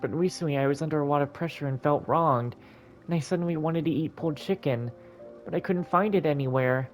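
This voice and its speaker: A gamer voicing a young woman customer who tells her story in a halting, emotional way while reading game dialogue aloud. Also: medium pitch, soft background music, lightly acted. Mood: tearful.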